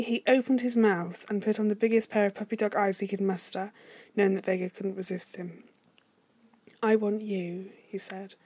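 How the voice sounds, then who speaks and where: A woman reading an erotic fan fiction story aloud in a soft, unhurried, slightly hushed voice. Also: medium pitch, no echo. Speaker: narrator.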